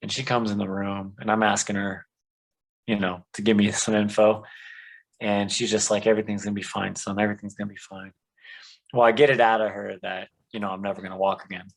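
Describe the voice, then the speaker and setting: A man's voice: lowish voice, flat delivery, fairly quick, low-quality recording. A man earnestly telling his life story as a podcast guest, with many "um"s and "you know"s. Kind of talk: conversational testimony.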